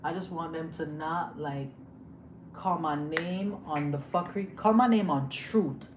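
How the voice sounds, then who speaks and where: Heated, profane woman ranting on a livestream. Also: a little slow. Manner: heated, profane, repeats herself for emphasis; swings from loud outbursts to low, muttered asides. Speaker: livestream host. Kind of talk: emotional livestream rant. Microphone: phone or webcam on a livestream. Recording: steady background noise.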